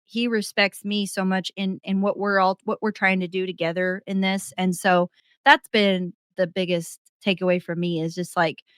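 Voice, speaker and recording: A young adult woman, a podcast guest, telling a story in animated casual chat and laughing as she goes. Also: mid-range voice, moderate pace, clean tone, no echo.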